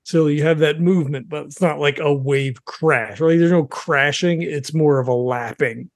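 A man's voice: a little high, moderate pace, no echo, studio quality. A man talking casually as a player in a tabletop role-playing game, rambling with lots of "like" and "you know".

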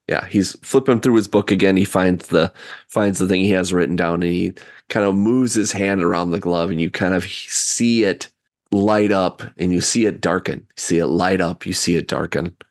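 A man running a tabletop game as game master, narrating loosely with halting pauses. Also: low-pitched, steady tone, a little mellow, no room sound, studio quality.

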